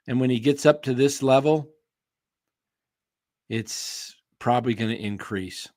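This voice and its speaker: A man talking sports on a casual stream, his voice going hoarse as he clears his throat. He rambles through strong opinions at an unhurried pace, calling out viewers by name. The recording is close and dry, with no room around him. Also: mid-range voice, no room sound. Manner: opinionated, answers chat by name, rambling restarts. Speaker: sports show host. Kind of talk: casual live-stream commentary.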